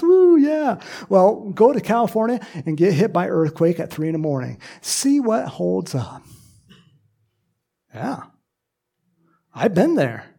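A man preaching to his congregation in a fairly high voice. He is animated and emphatic, and he breaks off to tease people in the pews. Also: gravelly. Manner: animated, joking asides with the congregation. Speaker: pastor. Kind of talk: sermon.

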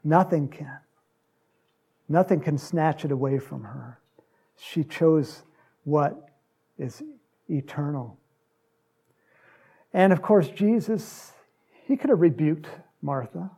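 A man's voice: on the high side, expressive, slow pace, vocal fry, pauses often, mellow, husky. A man preaching an informal, conversational sermon, with frequent fillers. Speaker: pastor.

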